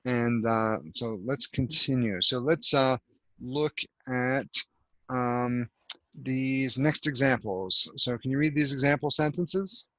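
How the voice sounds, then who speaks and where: A man's voice: mid-range voice, steady tone, takes it slowly, bright, forceful tone, no echo, rough recording. A man teaching an English grammar lesson over a video call, explaining patiently step by step with lots of fillers. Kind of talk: online language lesson.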